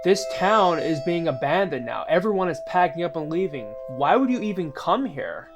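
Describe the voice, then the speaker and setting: A man's voice: fairly high pitch, very animated, normal speed, over music. A man voicing a blunt adult townswoman who curtly warns a stranger to leave. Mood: urgent. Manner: curt, urgent.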